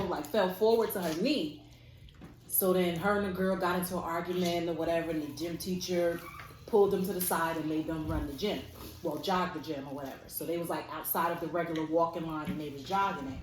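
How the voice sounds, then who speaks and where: A woman vlogger casually telling a personal story to camera. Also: fairly low pitch. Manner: casual, lively storytelling with fillers. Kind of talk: storytime chat. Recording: echoey room, faint noise.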